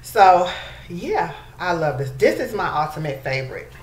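A woman's voice: lowish voice, very animated, normal speed. A woman chatting casually to her viewers in a beauty vlog, calling them y'all. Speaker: beauty vlogger. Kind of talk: casual chat to camera. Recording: echoey room, faint background noise.

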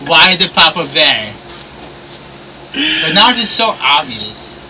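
A man's voice: on the high side, very animated, takes it slowly, recorded from a distance, noisy background. A man streaming a wrestling video game, calling the action and swearing as he complains about the game. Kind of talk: livestream play-by-play commentary.

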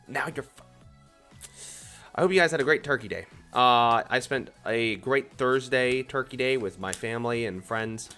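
A young man hosting a casual card-opening video, chatting excitably and teasing the cards as he flips through them. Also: mid-range voice, moderate pace, clean tone, soft background music. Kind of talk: casual commentary while opening packs.

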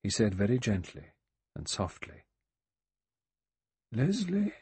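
A man narrates a mystery audiobook in a measured, even read. His voice sits low and husky. The recording is dry and close. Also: no echo. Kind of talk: scripted narration.

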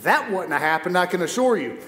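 High-voiced male preacher in echoey hall. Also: a little fast. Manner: lively personal storytelling with humor. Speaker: guest preacher. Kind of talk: sermon. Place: church auditorium.

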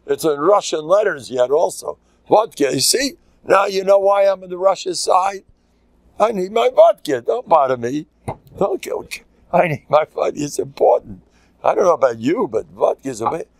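A man's voice: high-pitched, animated, normal speed, dry recording, low-quality recording. An older man, a rabbi from the USA, giving an informal, joking Torah class sprinkled with Yiddish and Hebrew terms.

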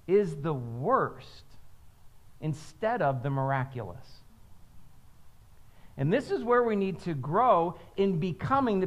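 A man's voice: sits high, a bit bright. A man pastor preaching a sermon in a conversational way, often checking in with "right?" and having the congregation repeat phrases.

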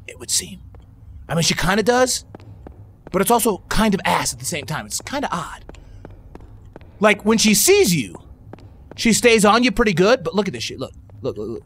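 High, lively man yelling through a horror game. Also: normal speed, long pauses, a little hiss or hum. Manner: profane, yelling and panicking, reading on-screen text aloud. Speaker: gaming YouTuber. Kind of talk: horror game let's play commentary.

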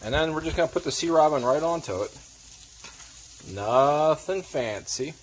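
A fishing charter captain, a man, casually explaining as he cooks in his home kitchen, plain-spoken and relaxed as he works. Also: a little high, racing, a little hiss or hum. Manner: plain-spoken, relaxed, talks while working. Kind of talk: casual how-to cooking vlog.

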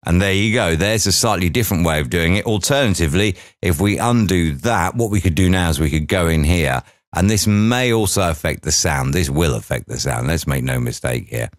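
A man with a deep voice guides the listener through an audio editing job. He talks casually, narrating each click and adding little asides. The sound is dry and close, with faint music underneath. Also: a little fast, no room sound. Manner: chatty, narrates each step aloud with asides. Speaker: audio producer teaching editing. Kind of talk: software tutorial walkthrough.

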